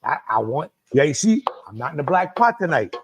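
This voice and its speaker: A man's voice: fairly high pitch, big pitch swings, a little fast, noisy background. A man with a Cajun accent hosting a live cooking show, chatty, repeating phrases and addressing viewers by name. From Louisiana.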